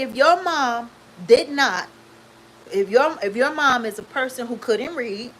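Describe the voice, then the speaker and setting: Emphatic high-voiced woman in her fifties. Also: a bit bright, slight background noise, low-quality recording. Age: 50s. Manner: emphatic, preachy, repeats points for emphasis. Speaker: vlogger. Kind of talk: candid talk to camera.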